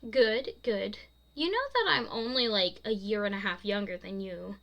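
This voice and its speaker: A woman's voice: mid-range voice, animated, moderate pace, vocal fry, fairly bright tone. A woman voicing a playful, lovestruck teenage boy, slipping into silly baby talk. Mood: eager.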